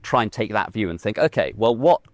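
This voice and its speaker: Halting man thinking aloud in debate. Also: on the low side, animated. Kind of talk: debate discussion.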